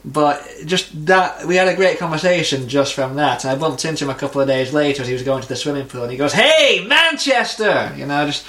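A man's voice: on the high side, fairly even intonation, fast talker, few pauses, a bit bright. Man telling anecdotes, roomy sound. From England. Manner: anecdotal, acts out voices in stories. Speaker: podcast co-host. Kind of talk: casual chat, storytelling.

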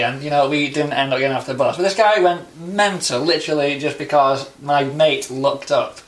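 A man's voice: a little high, fairly quick, few pauses, fairly bright tone. A young man telling stories in casual chat, rambling with lots of fillers.

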